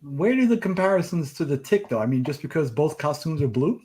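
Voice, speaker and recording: A man's voice: on the high side, lively intonation, a little fast, warm tone. A man hosting a casual podcast chat, quizzing his co-hosts and reading a sponsor plug. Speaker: podcast host.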